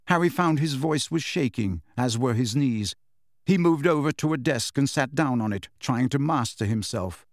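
A man's voice: mid-range voice, lively intonation, normal speed, no room sound, studio quality. A man reading a novel as an audiobook narrator, telling the story expressively. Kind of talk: scripted narration.

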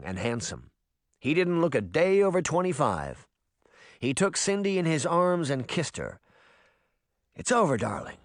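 A man narrating a fantasy audiobook in an expressive reading voice. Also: on the high side, no room sound, clean studio sound. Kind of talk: scripted narration.

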